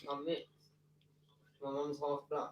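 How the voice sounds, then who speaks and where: A man's voice: fairly high pitch, completely flat delivery, takes it slowly, far from the mic, muffled recording. A man who is a guest on the stream, giving short, laid-back replies. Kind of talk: casual chat. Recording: echoey room.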